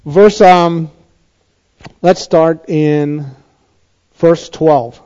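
A pastor delivers a sermon in a notably high voice, talking to his congregation and asking rhetorical questions before rising to emphatic points. The recording is slightly dull and lo-fi. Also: steady tone, drawn-out words, mellow, smooth. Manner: conversational preaching with rhetorical questions and emphatic rises.

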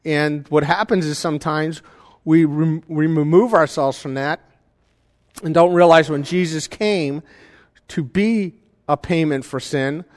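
A man with a somewhat high voice preaches a sermon in a church sanctuary. He talks conversationally and keeps asking the congregation whether they follow him. The sound rings with the long reverb of the hall. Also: a little slow. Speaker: pastor.

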